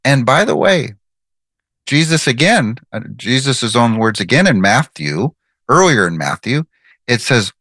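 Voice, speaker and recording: A man's voice: medium pitch, very animated, measured pace, a bit bright, no room sound. A man giving devotional Bible teaching, earnest and emphatic, repeating his key phrases.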